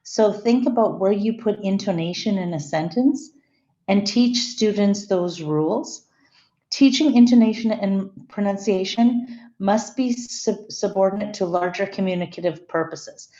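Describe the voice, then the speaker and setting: Mellow-voiced woman lecturing a class. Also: mid-range voice, measured pace. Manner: explanatory, often restarts and corrects her wording. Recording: echoey room, slightly dull sound.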